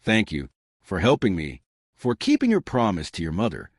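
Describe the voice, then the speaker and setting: A man's voice: sits low, huge pitch swings, moderate pace, dry recording, studio quality, heavily acted. A man voicing a frightened young woman. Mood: anxious.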